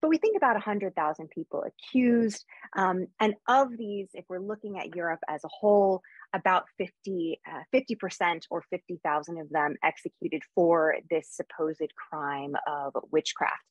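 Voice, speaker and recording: American woman historian, lowish voice, brisk lecture, dry sound. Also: no room sound, highs cut off. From United States. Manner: quick, lively lecturing with frequent fillers. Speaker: historian giving a conference talk. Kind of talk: academic lecture.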